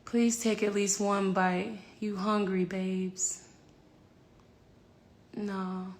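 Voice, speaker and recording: A woman's voice: medium pitch, level tone, extremely slow. Candid, profane woman in her thirties. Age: 30s. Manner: candid, rambling, swears freely. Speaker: singer filming herself at home. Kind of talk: casual chat to camera. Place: home with a yard.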